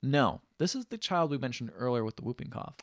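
A male podcast co-host casually retelling a movie's plot, dropping into quick voices for the characters and swearing freely. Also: medium pitch, lively intonation, dry recording, clean studio sound. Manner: loose, chatty, swears freely. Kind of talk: casual film recap.

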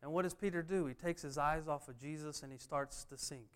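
A man's voice: on the high side, fairly quick, smooth. A man preaching a sermon, driving points home with emphatic repeated refrains. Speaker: pastor.

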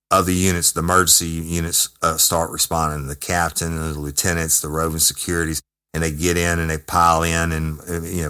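A man, a former correctional officer, telling a story in a profane, emphatic, animated way. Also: deep voice. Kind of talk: casual storytelling.

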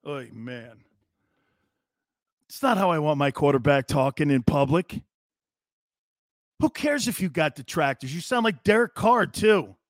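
A man's voice: a little high, lively intonation, measured pace, long pauses, no echo, clean studio sound. A man in his fifties hosting a live sports talk show, ranting in a brash, sarcastic and blunt way.

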